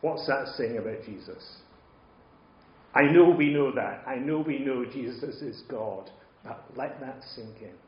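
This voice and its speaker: A man preaching a sermon, moving between quiet asides and loud, emphatic points. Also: medium pitch, measured pace, a little hiss or hum. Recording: roomy, slightly dull sound.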